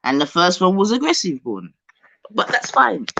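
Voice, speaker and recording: A man's voice: high-pitched, sing-song, normal speed, gravelly, bright, forceful tone, slight background noise. A man hosting a casual live stream, arguing and talking over his guest. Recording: dull lo-fi dry mic.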